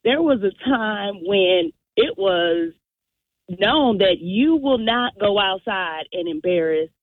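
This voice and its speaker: A woman calling in to a radio talk show, telling a story in an animated way and acting out what people said. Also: medium pitch, takes it slowly, dry recording. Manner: animated storyteller, acts out quotes. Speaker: caller. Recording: dry tinny phone line.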